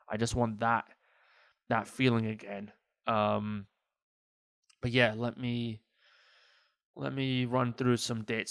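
A man's voice: medium pitch, dry recording. Rambling self-deprecating man podcasting. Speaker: stand-up comedian, podcast host. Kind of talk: casual solo podcast monologue. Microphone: podcast mic.

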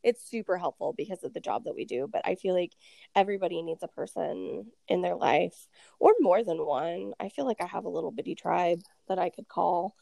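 A woman's voice: lowish voice, brisk, gravelly, warm tone, no room sound. A woman co-hosting a podcast, playful and laughing easily in casual chat. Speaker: podcast co-host.

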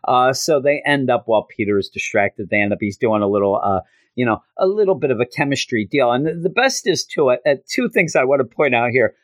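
A man hosting a podcast, casually recapping a comic with an animated delivery and quick high-pitched character voices. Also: no room sound. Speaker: podcast host.

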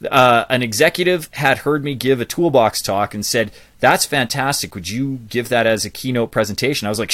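A man around forty, a public speaking coach, telling his life story as a guest in an interview with lively asides. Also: medium pitch, fairly quick, hardly any pauses, no room sound. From Canada.

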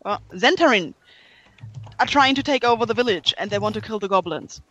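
A woman's voice: medium pitch, lively intonation, brisk, fairly bright tone, highs cut off. A woman playing a tabletop game, speaking in character, hesitant and earnest with many fillers. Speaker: player.

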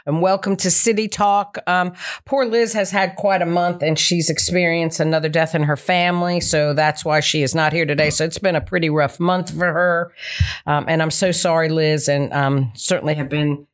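A woman's voice: deep voice, steady tone, normal speed. Chatty woman hosting a local talk show. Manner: rambling and upbeat, with many ums and asides. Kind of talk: casual chatty monologue.

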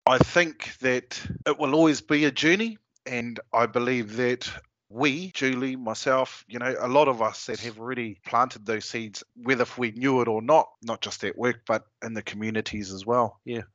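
A man with a New Zealand accent tells his own story as a guest. He is animated and voices the other people in the story himself. His voice is mid-pitched, and it sounds a little dull and muffled in a dry space with no echo. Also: moderate pace. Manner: animated storyteller who acts out quoted dialogue. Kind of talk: personal storytelling.

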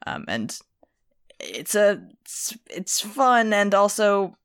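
A woman's voice: mid-range voice, big pitch swings, takes it slowly, clear, resonant tone. A young woman hosting a casual chat podcast, rambling with lots of fillers and restarts. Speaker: podcast host.

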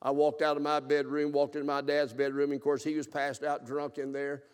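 A man in his seventies preaching a revival sermon, telling his own story and swinging from loud exclaiming to hushed, tearful telling. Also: on the high side, completely flat delivery, fairly quick, clean tone, long reverb tail. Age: 70s. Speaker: pastor. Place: church sanctuary.

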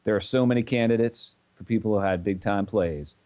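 Guy with a lowish voice cracking jokes on a sports podcast. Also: brisk, muffled recording. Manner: joking, laughs often. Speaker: podcast co-host. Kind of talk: casual sports chat.

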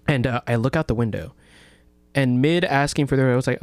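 A man's voice: mid-range voice, fast talker, clear, resonant tone, no echo. A young man tells a rambling story on an underground radio talk show. He acts out the voices of the people in it and fills the gaps with "like" and "uh", and his swearing is casual. The sound is close and completely dry. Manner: animated storyteller, acts out quotes with lots of swearing and fillers.

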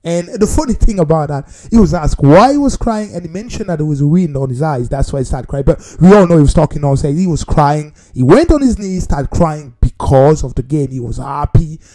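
A man giving a casual, animated football opinion monologue, repeating himself and talking straight to his viewers. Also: fairly high pitch, a little fast, few pauses. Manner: animated, repetitive, talks straight to viewers as "people". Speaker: football commentator.

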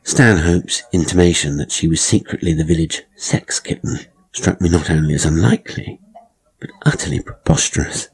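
Deep-voiced horror narrator. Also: male voice, gravelly, breathy edge, rough recording. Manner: measured, dryly ironic storytelling. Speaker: author and narrator. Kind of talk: scripted horror story narration.

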